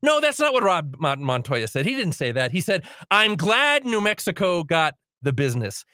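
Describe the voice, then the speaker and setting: A man's voice: on the high side, very animated, moderate pace, bright, forceful tone, no echo. A man in his late forties, a radio talk show host giving a heated, sarcastic political commentary in a studio. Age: 40s. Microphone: studio microphone.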